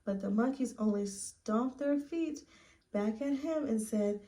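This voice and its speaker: A woman reads a children's picture book aloud, slow and unhurried, and stops now and then to ask her young listeners questions. Her voice is slightly high and mellow, with a gentle, patient delivery. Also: rough recording. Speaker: story time reader.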